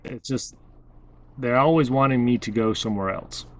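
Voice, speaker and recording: A man casually telling a story about his outdoor research, halting and full of "uh" and "you know". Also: medium pitch. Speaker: bigfoot researcher vlogger.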